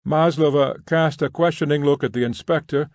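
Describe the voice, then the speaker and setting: A man narrating a classic novel audiobook in a measured, even reading. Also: fairly high pitch, dry recording, studio quality. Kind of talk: scripted narration.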